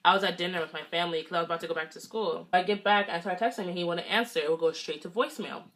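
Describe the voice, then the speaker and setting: A young woman from the Los Angeles area tells a story while she does her makeup. Her voice sits a little low, and her manner is chatty and animated. She switches into voices for the people she quotes. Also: very fast. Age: young adult. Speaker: beauty vlogger.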